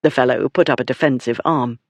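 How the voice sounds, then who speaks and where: A steady, measured audiobook narrator reads a historical romance at mid pitch. The delivery stays even. The booth sound is dry and close. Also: no room sound. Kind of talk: scripted narration.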